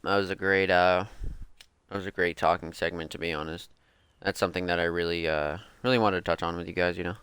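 A fast-talking young man with a deep, steady voice hosts a music podcast and rants casually and heatedly. His tone is a bit bright, clear, and resonant, with no room sound, and his talk is profane, slangy, and loaded with "like" and "bro."

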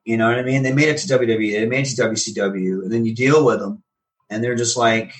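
A man's voice: medium pitch, quick pace, distant mic, poor audio. Man telling stories, a bit off-mic. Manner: animated, acts out quoted exchanges. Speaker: professional wrestler. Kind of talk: casual interview storytelling.

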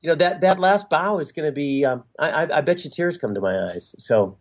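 A middle-aged man, a musician being interviewed, talking in a halting, reflective way with many fillers and restarts. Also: a little high, expressive. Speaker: musician guest. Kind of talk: casual interview talk. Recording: dull lo-fi sound.

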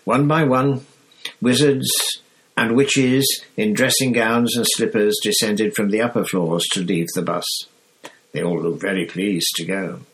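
A man reading a novel aloud in steady, measured narration. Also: lowish voice, poor audio. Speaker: audiobook reader. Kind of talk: scripted narration.

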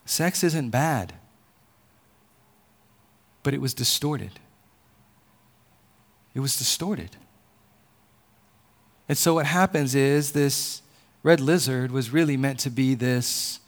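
A man preaching a sermon in an earnest tone, often repeating phrases. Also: medium pitch. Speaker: pastor.

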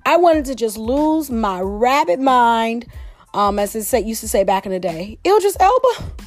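A woman's voice: on the high side, sing-song, normal speed, no room sound. A woman hosting a casual solo podcast, talking in a chatty, exclamatory way. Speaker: podcast host.

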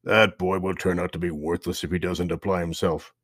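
A man's voice: deep voice, little pitch movement, fairly quick, a bit bright, no room sound, clean studio sound. A man voicing a stern, disapproving uncle.

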